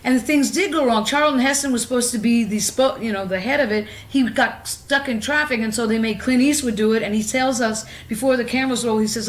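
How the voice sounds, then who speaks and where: A woman's voice: a little high, brisk, few pauses. A woman in her fifties, an actress interviewed at her home, telling rambling stories in a candid, profane way and laughing easily. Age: 50s.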